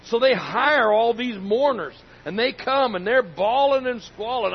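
Guy preaching with a highish voice, emphatic and folksy, keeps repeating lines, bit dull recording w faint rumble. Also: animated, unhurried, hardly any pauses. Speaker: pastor. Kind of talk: sermon.

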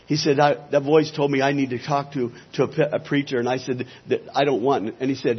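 Earnest male pastor, husky voice, muffled lo-fi audio. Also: mid-range voice, steady tone, fairly quick, hardly any pauses. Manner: earnest storyteller who acts out quoted voices. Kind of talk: telling a personal testimony. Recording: slightly dull lo-fi sound.

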